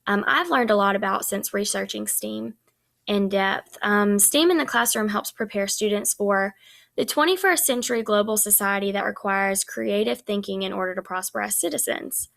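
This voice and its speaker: A woman's voice: mid-range voice, normal speed, creaky, fairly bright tone. A young woman giving a recorded class presentation on teaching, in a chatty way with many ums.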